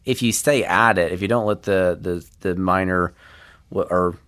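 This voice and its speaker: A man's voice: low voice, moderate pace, fairly bright tone. A man, a podcast guest from an agency who speaks in an earnest, encouraging way. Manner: earnest, encouraging, talks in restarts. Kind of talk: casual podcast interview.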